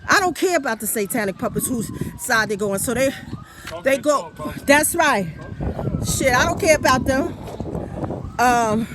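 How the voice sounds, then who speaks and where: A woman's voice: high voice, noisy background. A woman telling a story in a casual, emphatic, rambling monologue. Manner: rambling with many fillers and restarts. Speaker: vlogger.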